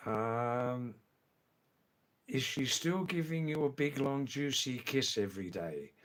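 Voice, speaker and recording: A man's voice: medium pitch, animated, a bit bright. A man putting on a cheery, overfamiliar Australian bloke, bantering heartily. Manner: hearty, fast repeated banter.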